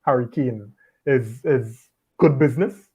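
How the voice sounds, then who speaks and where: A man hosting a casual football chat, relaxed and repeating words as he thinks. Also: medium pitch, measured pace, breathy edge. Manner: relaxed, repeats words while gathering thoughts. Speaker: podcast host. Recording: dull lo-fi audio.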